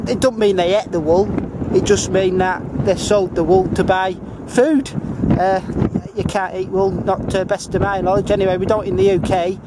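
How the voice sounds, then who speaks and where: A man's voice: high-pitched, fairly even intonation, moderate pace, very noisy. A man with a Northern English accent giving a casual, hesitant walking-tour narration outdoors by a river, full of filler sounds as he explains things simply for foreign viewers. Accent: Northern English, Cumbrian. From England. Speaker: amateur video tour guide.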